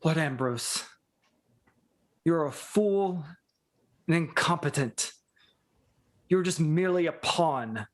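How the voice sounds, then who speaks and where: A man's voice: on the high side, expressive, slow, pauses often. A man voicing a bitter, jealous woman who sneers at a rival. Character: scornful, jealous female rival.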